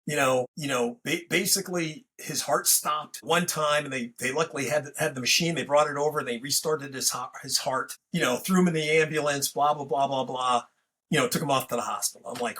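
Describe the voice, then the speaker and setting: A man's voice: medium pitch, steady tone, a little fast, bright, forceful tone, breathy edge. A man hosting a podcast, telling a story in a rambling, casual way full of fillers and restarts. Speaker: podcast host.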